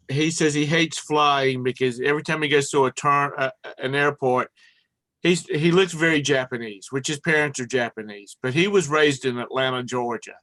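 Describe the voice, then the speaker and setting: A middle-aged man co-hosting a casual chat, teasing and telling drawn-out anecdotes. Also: medium pitch, fairly bright tone, no room sound.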